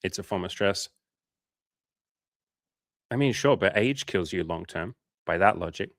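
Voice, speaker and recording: A man's voice: sits low, expressive, unhurried, fairly bright tone, no room sound, studio quality. A man hosting a coaching livestream in casual chat. He reads out viewer comments and answers them with blunt, profane, frank advice.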